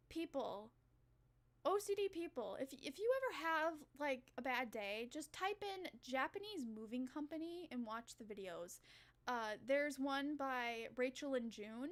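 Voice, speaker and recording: Excitable, foul-mouthed woman vlogger, high voice. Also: unhurried. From United States. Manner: excitable, profane, rambling. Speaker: Vtuber streamer. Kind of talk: casual reaction commentary.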